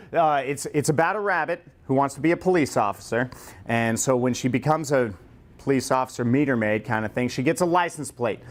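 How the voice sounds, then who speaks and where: Upbeat man leading a training class. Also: fairly high pitch. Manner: lively, joking, acts out customer lines. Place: training room with group.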